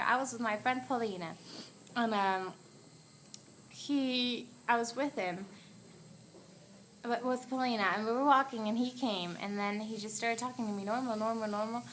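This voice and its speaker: Teen girl, venting vlog, rambling, dramatic, acts out quotes, fairly high pitch, faint crickets. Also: animated, normal speed, sharp tone, a little hiss or hum, poor audio. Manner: rambling, dramatic, quotes herself and others, drops to a whisper at times.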